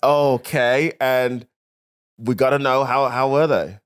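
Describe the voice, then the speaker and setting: A man's voice: medium pitch, fairly even intonation, slow, clean tone. A young man with a Birmingham accent, a comedian chatting casually on a podcast in a playful, teasing way.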